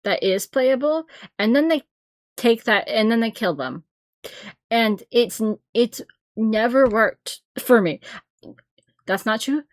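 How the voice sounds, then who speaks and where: A woman's voice: fairly high pitch, expressive, takes it slowly, pauses often, no room sound. A woman streamer giving blunt, rambling reaction commentary, often laughing and cutting herself off. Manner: blunt, opinionated. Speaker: streamer reacting to game trailers.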